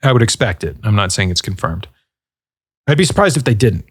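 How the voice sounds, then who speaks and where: A man's voice: fairly low pitch, sing-song, brisk, husky, no room sound, clean studio sound. A man in his thirties hosting a casual podcast, answering listener questions in a laid-back, rambling way with lots of fillers. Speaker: podcast host.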